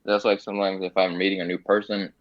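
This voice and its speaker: Man, podcast guest, low voice, dry muffled sound, rambling and easygoing. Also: quick pace, no room sound. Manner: relaxed, rambling, many fillers. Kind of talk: casual chat.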